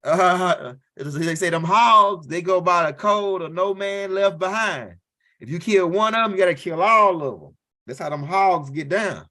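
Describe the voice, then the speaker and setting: A male stand-up comedian with a high-pitched, sharp voice and a slightly slow delivery. He tells a loose, rambling, profane story, checking in with the crowd by tagging lines with "right?"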